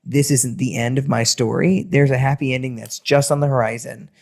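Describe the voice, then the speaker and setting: A man talking through a casual astrology and tarot reading on his own. He's animated and sing-songy, with loose, emphatic delivery and the odd swear word. His pitch sits in the middle of the male range. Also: fairly quick, gravelly. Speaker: tarot reader.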